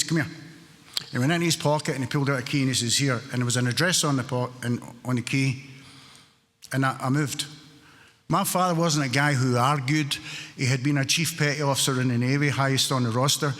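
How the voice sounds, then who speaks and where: A man's voice: medium pitch, fast, a bit bright. A man in his sixties with a Glaswegian Scottish accent, sharing his story at a recovery meeting with wry, joking humor. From Scotland. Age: 60s. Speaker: AA meeting speaker. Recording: reverberant hall.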